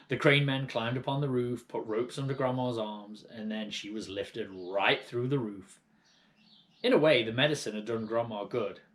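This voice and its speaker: Lively male audiobook narrator. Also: mid-range voice. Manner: lively, expressive reading. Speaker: audiobook reader. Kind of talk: storybook narration.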